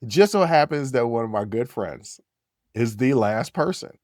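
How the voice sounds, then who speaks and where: A man hosting a podcast, telling a story in a casual, animated way, repeating phrases and jumping his voice up when he gets worked up. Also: normal speed, dry recording, clean studio sound. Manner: animated, repeats phrases, jumps to high yells when quoting. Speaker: podcast host.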